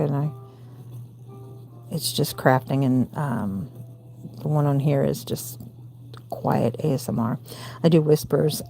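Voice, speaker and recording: A woman in her forties with a gravelly voice and a Southern US accent, hosting a late-night crochet livestream from home and counting stitches aloud between chatty asides. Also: low-pitched, warm tone. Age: 40s. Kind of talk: casual crochet tutorial chat.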